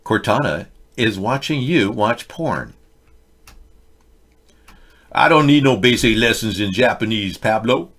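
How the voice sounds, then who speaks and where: A man's voice: lowish voice, animated, unhurried, pauses often, a bit bright, husky. A man hosting a casual political commentary livestream, reading chat with rambling, sarcastic asides.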